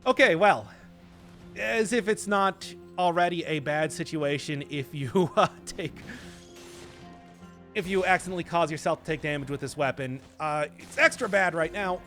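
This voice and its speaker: A man's voice: high-pitched, fairly bright tone. A young man from Wisconsin with a Midwestern accent, chatting and laughing through live game commentary with odd emphasis on words. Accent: Midwestern American. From Wisconsin, USA. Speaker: game streamer.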